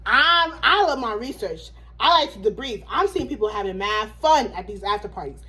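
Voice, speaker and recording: A young woman co-hosting a vlog, chatting casually and gushing, quick to laugh. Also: a little high, expressive, bright, forceful tone. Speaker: vlog co-host. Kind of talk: casual chat.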